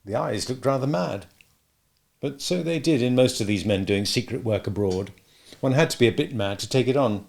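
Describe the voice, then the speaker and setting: A man narrating an audiobook in a steady, measured way. His voice sits at a middle pitch and has a gravelly, creaky texture.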